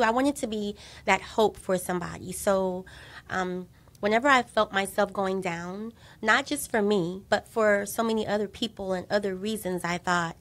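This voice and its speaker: Middle-aged woman guest, earnest, animated storyteller, mid-range voice. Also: mid-range voice, moderate pace. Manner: earnest, animated retelling with quoted dialogue. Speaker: guest, breast cancer survivor. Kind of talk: personal storytelling in a talk show interview.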